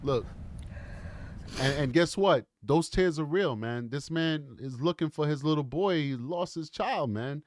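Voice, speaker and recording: A man's voice: fairly high pitch, unhurried, dry recording, studio quality. A man hosting a live true crime stream, reacting bluntly and casually, often calling the audience bro and man. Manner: animated, blunt, calls listeners bro and man.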